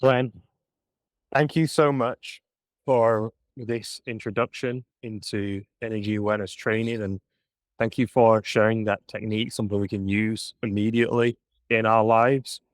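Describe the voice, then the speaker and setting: A man hosting an interview, thanking his guest in a friendly, slightly halting way. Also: fairly low pitch, steady tone, no echo, clean studio sound. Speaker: interview host. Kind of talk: casual interview wrap-up.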